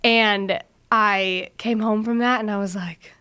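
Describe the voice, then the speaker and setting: A woman's voice: medium pitch, steady tone, takes it slowly, bright, forceful tone, clear, resonant tone. A woman in her twenties telling a personal story as an interview guest, casual and chatty, peppering her speech with "like". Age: 20s.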